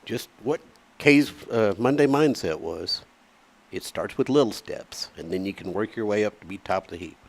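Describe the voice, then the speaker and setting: A man's voice: lowish voice, animated, moderate pace. Guy co-host reading funny top ten, voice bouncing up and down a lot. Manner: jokey, reads gags with playful lift. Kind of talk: casual chat.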